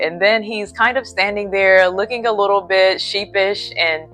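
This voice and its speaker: A woman's voice: medium pitch, moderate pace, fairly bright tone, soft background music. A woman preacher telling a personal faith story in a casual vlog from a hotel room, earnest and a little sleepy. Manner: earnest, faith-filled retelling.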